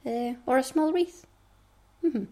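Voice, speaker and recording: High and dark-toned, this woman's voice unhurriedly carries casual, rambling chat on her knitting podcast. Middle-aged with a Scottish accent, she makes little asides under her breath.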